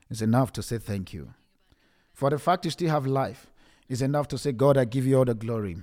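A man's voice: mid-range voice, darkish tone. A man streaming an emotional sermon, pleading and repeating himself, often stumbling over his words in restarts. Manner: pleading, repetitive, stammering restarts. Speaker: preacher streaming a message.

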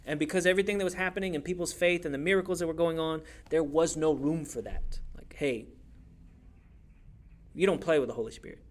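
A young man preaching a sermon in a church, conversational and animated, acting out quotes as he goes. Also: fairly high pitch, brisk. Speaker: youth pastor.

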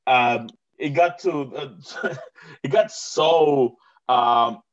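Host with rambling, excited talk. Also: male voice, mid-range voice, extremely slow. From Mexico. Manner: rambling, many fillers and restarts, enthusiastic. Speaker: host and comedian. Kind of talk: casual chat. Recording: dull, muffled recording.

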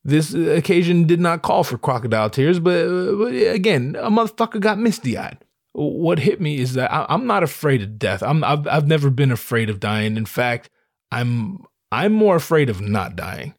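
A man's voice: a little high, animated, normal speed, no echo, clean studio sound. A man in his thirties talking in a casual solo monologue, rambling and swearing, with frequent stammered restarts.

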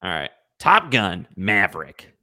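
A man's voice: sits low, big pitch swings, measured pace, bright, forceful tone, no echo, studio quality. A man co-hosting a movie podcast, leading the ranking and making wry jokes. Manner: wry, joking, moves the list along. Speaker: podcast co-host leading the list. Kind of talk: casual chat.

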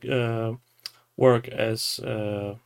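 A man co-hosting a podcast in casual chat, speaking hesitantly with frequent pauses. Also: on the low side, steady tone, gravelly, clean tone. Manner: slow and hesitant, many "uh" fillers. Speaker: podcast co-host.

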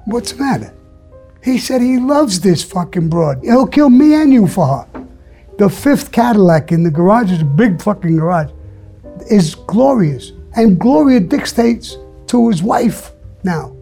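A man's voice: high voice, expressive, unhurried, warm tone, breathy edge, soft background music. A man who talks bluntly and profanely as an interview guest, telling stories. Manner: profane, blunt storyteller who acts out quotes. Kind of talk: storytelling in casual interview.

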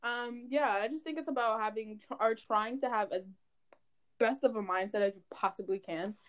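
A young woman rambles through a casual chat, leaning on fillers and casual swearing and laughing easily between thoughts. Her voice sits a bit high for a woman. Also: normal speed. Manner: loose, rambling, lots of fillers and laughs, profane.

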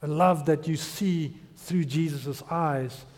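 A man's voice: a little high, takes it slowly, a little mellow. A man in his thirties preaching a sermon, telling his testimony with emotional, rising emphasis. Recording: long hall reverb.

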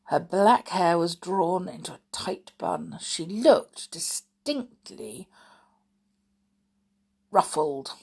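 Slow, husky woman reading a storybook. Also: lowish voice, animated. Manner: soft, breathy storytelling, often dropping to a whisper. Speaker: storybook reader. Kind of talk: slow audiobook narration.

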